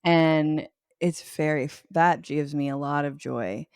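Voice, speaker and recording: Gravelly low-voiced woman comedian. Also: measured pace, dry recording, clean studio sound. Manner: animated storytelling, swears freely, acts out quotes. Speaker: comedian and journalist guest. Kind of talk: casual podcast chat.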